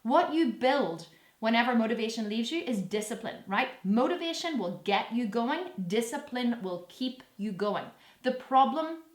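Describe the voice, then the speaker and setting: Her voice on the high side and the sound roomy, a woman in her thirties chats casually to camera as a fitness vlogger answering questions from viewers. She speaks bluntly and with sass, swears freely, and imitates people in playful voices.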